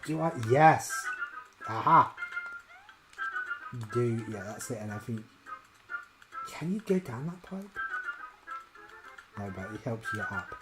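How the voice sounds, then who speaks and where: Woman VTuber, very deep voice, chatty and rambling, sudden loud outbursts, faint game music behind. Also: expressive, takes it slowly, long pauses, poor audio. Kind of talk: casual live-stream chat while gaming.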